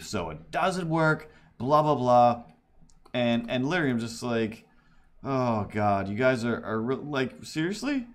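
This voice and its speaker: A man livestreaming while he draws, telling a story in a rambling way with restarts and laughs. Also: mid-range voice. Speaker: livestreaming artist. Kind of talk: casual livestream chat while drawing.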